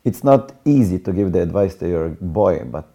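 A man's voice: low-pitched, lively intonation, moderate pace, dark tone, lo-fi sound. A man hosting an interview, with brief backchannel replies and short questions. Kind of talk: casual interview.

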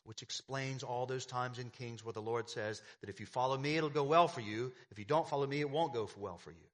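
A man's voice: mid-range voice, fairly quick. A man preaching a sermon as pastor, emphatic, with repeated phrases and rhetorical questions to the congregation.

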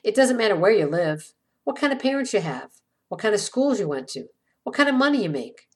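A woman podcast host reads an inspirational essay in a measured, reflective way. Her pitch moves a lot, and she lets the ends of her phrases fall. Her delivery is scripted and even-paced. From small town.

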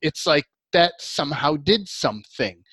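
A man with a fairly high voice muses aloud in a casual chat, his thoughts loose and rambling. The sound is dry and close, with no room around it. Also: animated, unhurried, a bit bright, no room sound. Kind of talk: casual conversation.

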